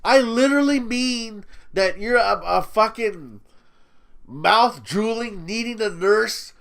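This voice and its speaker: A man's voice: sits high, animated, takes it slowly, creaky, fairly bright tone, clean tone. A man ranting in a commentary video, profane, mocking and sneering as he talks down to his target. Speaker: YouTube commentator.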